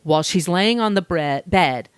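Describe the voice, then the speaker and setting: A woman co-hosting a podcast, telling a true-crime story in casual, animated chat and swearing now and then. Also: on the low side, moderate pace, clear, resonant tone, dry recording. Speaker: podcast co-host.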